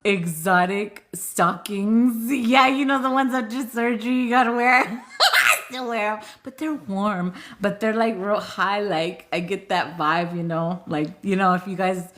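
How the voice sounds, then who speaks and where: A giggly woman chats slowly and playfully on a live stream, breaking into laughter between teasing jokes. Her voice is bright and clear. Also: mid-range voice, fairly even intonation. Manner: bawdy joking banter. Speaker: livestream host. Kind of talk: casual live chat with viewers.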